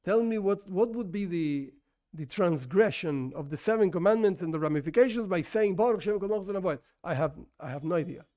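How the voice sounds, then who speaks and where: Man, high-pitched voice, rabbi, informal lesson, non-native English, chatty and animated. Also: a little fast. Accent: non-native English speaker. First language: not English. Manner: conversational, animated, rhetorical questions and restarts. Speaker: rabbi teaching a class.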